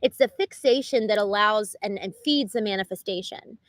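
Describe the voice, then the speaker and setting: A woman hosting a livestream, talking unscripted in an earnest, animated way, with lots of "like" and quick restarts. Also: medium pitch, no echo, rough recording. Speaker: livestream host. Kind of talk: unscripted reflective monologue.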